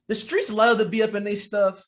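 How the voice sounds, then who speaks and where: A man with a high voice co-hosts a casual podcast chat. He talks in a laid-back, joking way, full of fillers and quick repeats. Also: flat delivery. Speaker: podcast co-host.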